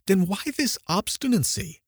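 A man's voice: high-pitched, animated, moderate pace, husky, no echo, studio quality, voice pushed up. A man reading an audiobook, voicing a stern, dismissive middle-aged mother who questions coldly. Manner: cold, questioning.

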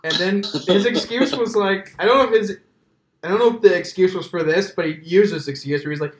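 A man hosting a loose, profane podcast chat, rambling through his stories with constant filler words. His voice sits a little higher than most men's. The room around him is echoey. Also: fairly quick, a little hiss or hum. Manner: profane, joking, rambling with many "like"s. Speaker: podcast host.

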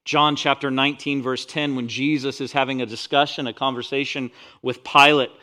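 A man pastor preaching a sermon, rising loud on scripture and dropping quiet for asides. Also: medium pitch, flat delivery, moderate pace.

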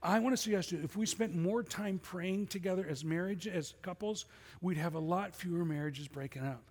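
A man's voice: high-pitched, fairly quick, a little mellow, in a large hall. A middle-aged man preaching a sermon as pastor, conversational and full of rhetorical questions. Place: church sanctuary.

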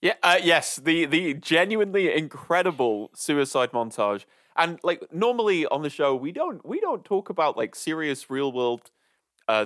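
Animated bright-voiced man chatting. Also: on the high side, dry recording, studio quality. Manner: animated, laughs often. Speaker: podcast co-host. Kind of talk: casual film discussion.

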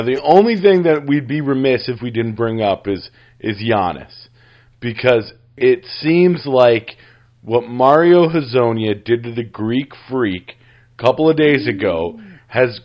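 A man's voice: medium pitch, lively intonation, unhurried. A man co-hosting a casual sports podcast, easygoing and jokey, often agreeing with his partner. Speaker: podcast co-host. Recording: dull lo-fi mic.

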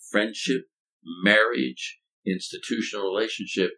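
An older man, a former college president, telling stories in a thoughtful, halting way with folksy turns of phrase. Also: deep voice, vocal fry, low-quality recording. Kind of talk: reflective conversational storytelling.

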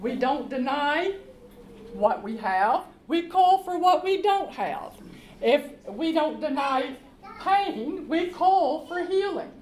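A woman preaching a sermon, reading scripture slowly and emphatically and calling the congregation to respond. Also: high-pitched, animated, darkish tone. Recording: echoey room with faint background noise.

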